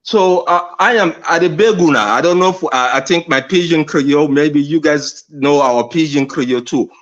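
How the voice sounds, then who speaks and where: A man from Sierra Leone with a Sierra Leonean accent, speaking earnestly and emphatically as a caller in a live discussion, repeating phrases and pausing on fillers. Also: fairly high pitch, muffled recording. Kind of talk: impassioned call-in discussion.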